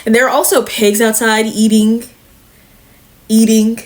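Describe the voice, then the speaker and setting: A woman's voice: on the high side, level tone, measured pace. A woman hosting a comic review podcast, recapping a horror comic in a chatty, profane way, full of fillers. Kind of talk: casual comic book recap.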